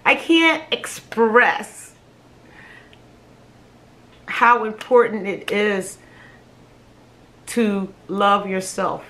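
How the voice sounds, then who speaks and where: A woman, a mother, telling a personal story to camera in a halting, emotional way, often repeating her words and laughing between phrases. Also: mid-range voice, lively intonation, bright, forceful tone. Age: adult with children. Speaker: vlogger sharing a personal story.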